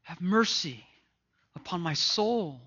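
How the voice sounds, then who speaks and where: A tormented rich man begs again and again for mercy, as a preacher puts him on. The voice is pitched up, bright and tense. The sound is dull and lo-fi. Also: animated, slow pace, breathy edge, full character voice. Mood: pleading. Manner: pleading, repeated cries.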